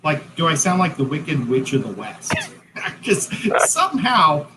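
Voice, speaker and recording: A man's voice: on the high side, big pitch swings, unhurried, heavy background noise. A man co-hosting a casual livestream, chatty and self-correcting as he sets up and explains his painting. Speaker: co-host. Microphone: headset-style hat cam mic.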